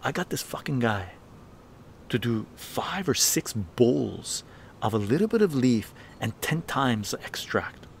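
A man's voice: medium pitch, unhurried, vocal fry, a little hiss or hum. A man hosting a livestream, telling a story casually with lots of swearing and laughter. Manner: profane, laughing, animated storytelling. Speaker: livestream host.

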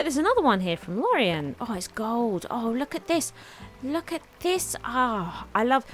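A woman giving chatty, excitable commentary on her game, thanking viewers as she opens gifts. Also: a little high. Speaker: gaming YouTuber. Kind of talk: casual gameplay commentary. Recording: faint background game music.

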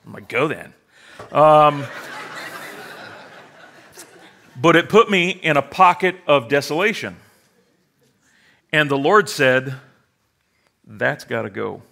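A man's voice: on the high side, expressive, slow pace, vocal fry, pauses often, bright, forceful tone. A middle-aged male pastor preaching a sermon with humor, sarcastic asides and acted-out quoted voices.

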